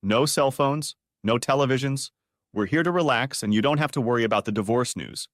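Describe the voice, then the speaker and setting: A man's voice: medium pitch, fairly quick, dry recording, studio quality, natural voice. A man voicing a bossy, breezy wife.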